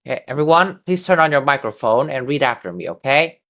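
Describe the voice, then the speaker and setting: A man's voice: mid-range voice, sing-song, fairly quick, a bit bright. A man teaching an English class over a video call, patiently drilling words and having students repeat them. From Vietnam. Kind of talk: online class instruction.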